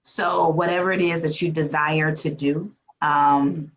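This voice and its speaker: A woman on a panel giving advice slowly and emphatically in short phrases. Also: sits low, steady tone, poor audio.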